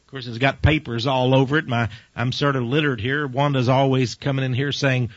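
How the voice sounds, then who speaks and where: A man's voice: mid-range voice, moderate pace, slightly rough, no echo. A man preaching a folksy radio sermon from his office desk, chuckling between his points. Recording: dull dry lo-fi radio recording.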